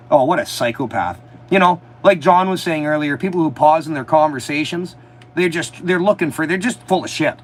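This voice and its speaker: A man chatting on a casual livestream from a motorhome, telling animated stories with a lot of swearing and mockery. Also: a little high, a little fast, poor audio. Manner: animated storytelling, swearing, mocking. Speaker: livestream host. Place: inside a motorhome.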